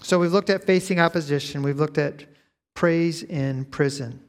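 A man preaching a sermon, moving from measured teaching to loud, rising emphasis. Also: on the high side. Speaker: pastor.

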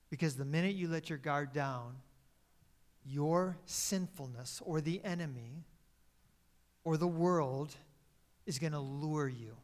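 A male pastor preaching a sermon, who swings between emphatic, louder lines and quiet, dropped phrases, and sometimes corrects himself mid-sentence. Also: a little high.

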